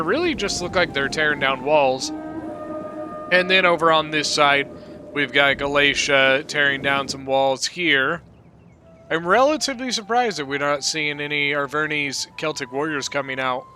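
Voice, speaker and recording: A man's voice: fairly high pitch, normal speed, sharp tone, slight background noise. A man giving casual, rambling commentary on a strategy game replay, correcting himself as he goes. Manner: rambling, self-correcting, chatty. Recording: clear background music.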